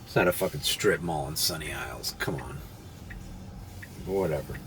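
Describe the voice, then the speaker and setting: A man's voice: a bass voice, normal speed, a crowd in the background. A man vlogging casually while driving rideshare, rambling and swearing freely. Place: inside a car on city streets. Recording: noisy car cabin. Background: car and road noise.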